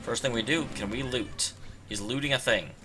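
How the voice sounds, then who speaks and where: A man's voice: mid-range voice, normal speed. Chatty man streaming a game. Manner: chatty, sarcastic, playful. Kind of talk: casual game commentary. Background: game music.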